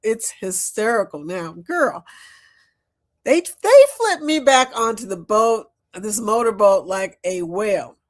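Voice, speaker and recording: A woman hosting a casual live-stream chat, talking loudly and laughing often. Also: mid-range voice, takes it slowly. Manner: animated, laughs often, loud and lively.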